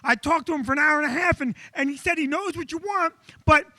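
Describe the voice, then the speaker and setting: A man's voice: very high voice, quick pace, sharp tone, no echo, voice pushed up, heavily acted. A male comedian impersonating a nervous young employee who stutters through excuses to his boss. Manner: stuttering, pleading.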